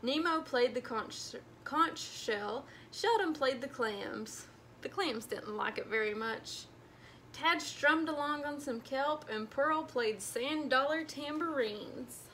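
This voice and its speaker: Lady librarian doing storytime, slow, high voice, faint hum behind. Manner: animated, addresses children. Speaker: children's librarian. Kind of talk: storytime read-aloud.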